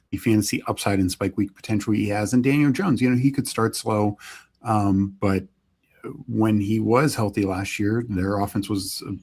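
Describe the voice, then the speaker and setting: A man co-hosting a live stream, talking through picks in a measured, analytical way. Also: fairly low pitch, a little mellow, slightly rough. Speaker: podcast co-host. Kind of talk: casual live stream chat.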